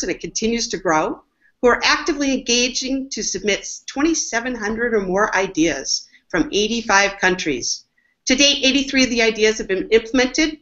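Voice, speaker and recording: On dull, lo-fi webinar audio, a woman with a fairly bright voice on the high side opens a business webinar. As host and marketing executive, she presents the panelists with upbeat enthusiasm.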